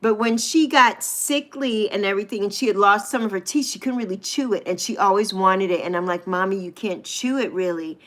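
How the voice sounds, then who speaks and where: A woman's voice: medium pitch, fairly quick, few pauses, fairly bright tone. A middle-aged American woman from the United States hosting a casual live chat, chatty, laughing often and swearing freely. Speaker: live stream host.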